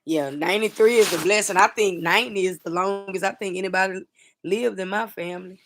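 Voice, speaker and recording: A middle-aged woman hosting a casual livestream chat, talking softly and sadly to viewers, rambling with fillers and restarts. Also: medium pitch, fairly quick. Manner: soft-spoken, grieving, rambling with fillers and restarts. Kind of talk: casual personal talk to viewers.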